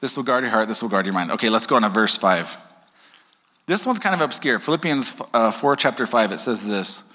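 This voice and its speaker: Lively pastor preaching in a reverberant hall. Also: male voice, lowish voice, a little fast. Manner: conversational, keeps asking "okay?"; animated, jokes with congregation. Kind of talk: sermon.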